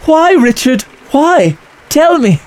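An actor playing a bewildered, anxious gentleman who stammers and flusters, in a comic audio drama. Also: very high voice, big pitch swings, slow pace, noisy background, heavily acted. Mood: flustered.

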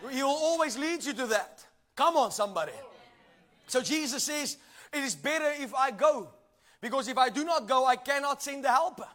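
A man with a strikingly high voice delivers a sermon. He preaches emphatically, drawing call-and-response from the congregation and rising to shouted lines. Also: animated, normal speed.

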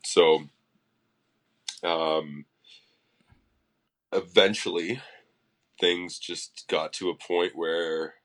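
Musician guy on a podcast telling stories, lowish voice, kinda sharp and punchy, swears a lot. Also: drawn-out words, pauses often. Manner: profane, animated storyteller. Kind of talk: casual interview storytelling.

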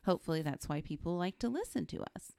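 A woman's voice: fairly low pitch, fast, creaky, smooth, no room sound, studio quality. A woman co-hosting a podcast, chatting casually about a movie and laughing often. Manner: giggly, lively, chimes in. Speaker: podcast co-host. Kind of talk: casual movie recap chat.

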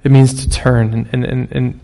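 A man in his thirties delivers a sermon with a gravelly, fry-tinged voice at an everyday middle pitch. He talks casually and tells stories, then jumps up in force on the lines he wants to land. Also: little pitch movement, normal speed, dark tone. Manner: conversational, storytelling preacher with sudden bursts of emphasis. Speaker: pastor.

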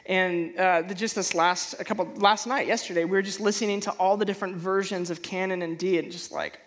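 Male pastor, casual animated sermon delivery, stammers and restarts, big loud swings for emphasis. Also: high voice, fairly quick. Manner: acts out feelings in sudden loud bursts.

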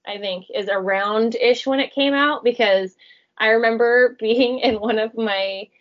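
A woman's voice: fairly high pitch, measured pace, muffled recording. A woman in her thirties co-hosting a podcast, chatting casually, rambling and laughing often. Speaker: podcast co-host. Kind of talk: casual chat.

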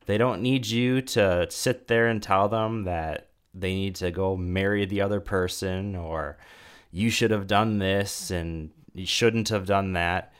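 A man with a very deep voice speaks slowly in a faith-based conversation. He talks haltingly and often repeats a word or restarts while he works out his thought. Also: steady tone, clean tone.

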